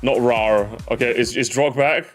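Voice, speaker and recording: A man's voice: mid-range voice, normal speed. Rambling male streamer over music. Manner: rambling, repeats phrases, keeps calling viewers gamers. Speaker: livestream host. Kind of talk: casual gaming livestream chatter.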